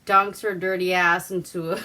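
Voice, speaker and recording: On her casual vlog, a woman gives a chatty, profane movie recap, performing the quotes she repeats. Her voice sits on the low side and sounds pushed and bright, with a level tone at a moderate pace.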